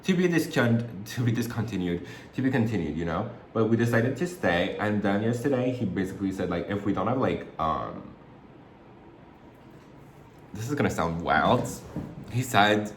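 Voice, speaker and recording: A man's voice: on the low side, animated, brisk, a little hiss or hum. Gossipy man rambling in an echoey room. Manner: gossipy, rambling, sudden loud squeals. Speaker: makeup vlogger. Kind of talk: casual chatty makeup tutorial. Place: room at home, alone. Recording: echoey room, faint ambience.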